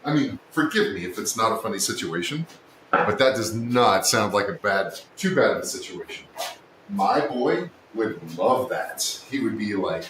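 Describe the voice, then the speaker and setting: A man's voice: animated, normal speed. Teasing livestream guy in an echoey workshop. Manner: joking, teasing, with sudden yells. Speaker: woodworking livestream host. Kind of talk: casual live-stream chat with viewers. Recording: echoey room, distant mic, faint rumble.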